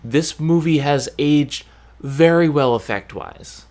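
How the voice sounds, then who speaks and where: A podcast host giving opinions in casual chat, deliberate and prone to restarts. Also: mid-range voice, darkish tone.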